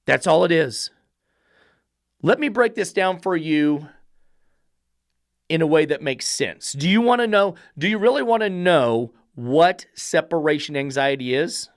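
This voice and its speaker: A man's voice: fairly high pitch, expressive, unhurried, no room sound, studio quality. A man who trains dogs, giving an instructional monologue in a blunt, profane, emphatic style full of rhetorical questions. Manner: rhetorical, lecturing. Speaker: dog trainer.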